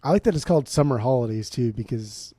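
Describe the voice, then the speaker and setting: A man's voice: mid-range voice, animated, fast talker, mellow, husky, no echo. An American man co-hosting a music podcast, talking casually in a rambling, profane, jokey way. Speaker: podcast co-host. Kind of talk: casual chat about music.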